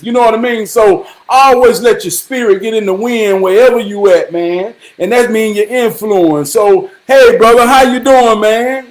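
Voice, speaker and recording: High-voiced man telling a rambling story. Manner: rambling, repetitive, profane, preachy. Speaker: vlogger. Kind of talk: casual storytelling monologue.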